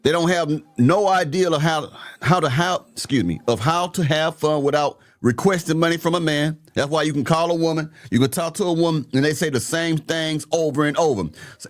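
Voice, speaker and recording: A man with a fairly high voice delivers an opinionated rant, blunt and full of slang. He talks in a preachy way. Soft music plays underneath. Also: a little fast, hardly any pauses. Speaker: host reacting to clips.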